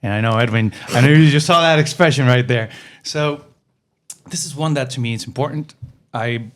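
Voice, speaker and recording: A man's voice: medium pitch, normal speed, fairly bright tone. A man co-hosting a casual podcast about restaurant serving, explaining tips earnestly and swearing now and then. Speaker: podcast host, server.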